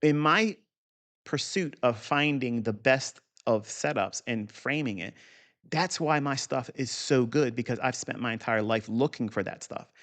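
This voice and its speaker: A gravelly man talks through a chart lesson, blunt and profane, bragging as he goes. His voice sits at an ordinary middle pitch. He speaks off the cuff into a desk mic. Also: a little slow, a bit bright. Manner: blunt, profane, boastful, asides. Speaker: trading educator. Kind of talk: unscripted chart walkthrough.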